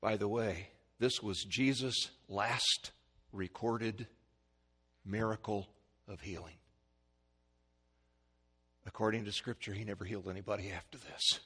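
A male preacher giving a sermon, swinging from hushed, slow pleading to loud, high-pitched shouts. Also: fairly even intonation, breathy edge. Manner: dramatic swings from quiet to shouting.

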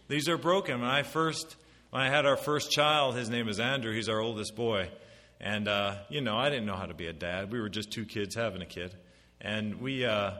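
A middle-aged man preaching a sermon as pastor, swinging between loud emphatic declarations and quiet confiding asides, on a pulpit mic in a church sanctuary. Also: medium pitch. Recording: long hall reverb.

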